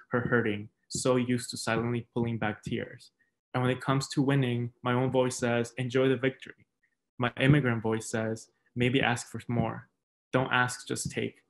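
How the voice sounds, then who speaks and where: A young Mexican American man reading his poems aloud at an online reading, measured and deliberate, with soft fillers between pieces. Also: medium pitch, creaky. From Mexican American, raised outside New York. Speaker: poet. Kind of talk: poetry reading. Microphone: video call.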